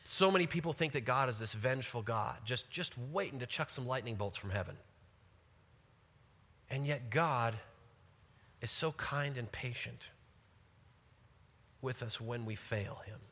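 An animated man teaching from the Bible with real enthusiasm, moving between scripture reading and lively, chatty reflection. His voice has a bright, forward edge. A long echo trails after him, as in a large hall. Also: medium pitch, measured pace, long pauses.

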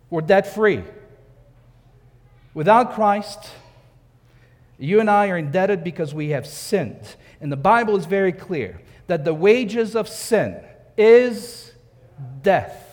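A man's voice: sits high, big pitch swings, unhurried, darkish tone, in a large hall. A man preaching a sermon, emphatic, repeating key phrases and asking rhetorical questions. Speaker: pastor.

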